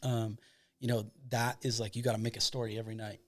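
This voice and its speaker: A man's voice: mid-range voice, level tone, fast. A man from Michigan, a documentary filmmaker, tells a long anecdote as a podcast guest in a rambling way full of fillers. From Michigan, United States. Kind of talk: casual storytelling.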